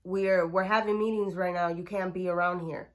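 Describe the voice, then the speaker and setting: A woman's voice: fairly low pitch, fairly even intonation, moderate pace, close to an everyday voice. A woman voicing a blunt, protective young gang member who speaks curtly and firmly. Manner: curt, warning, firm.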